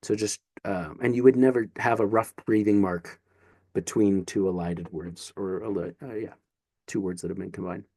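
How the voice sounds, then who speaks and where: A man's voice: fairly low pitch, fairly even intonation, normal speed, mellow, no room sound. A man teaching a casual online lesson, talking in a chatty, encouraging way with asides and restarts. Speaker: Greek teacher.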